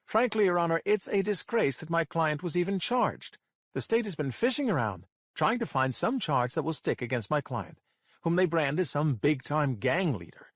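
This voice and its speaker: A man's voice: on the high side, expressive, normal speed, no room sound, studio quality, pitched above the performer's own voice. A man voicing an indignant male defense lawyer who protests emphatically in court. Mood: protesting.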